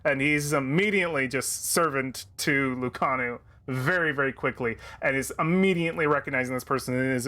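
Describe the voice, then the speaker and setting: A man narrating as game master, halting with many fillers and restarts. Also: medium pitch, sharp tone.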